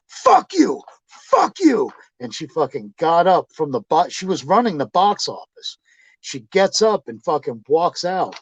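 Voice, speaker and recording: A man being interviewed, casually telling profane, animated stories and acting out what people said. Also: mid-range voice, no echo, highs cut off. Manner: profane, animated anecdotes with acted quotes. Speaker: interview guest, pro wrestler. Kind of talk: casual storytelling.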